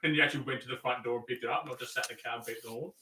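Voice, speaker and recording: A man co-hosting and teasing his friend with quick interjections. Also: mid-range voice, fairly even intonation, pushed and bright, husky. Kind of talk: casual banter.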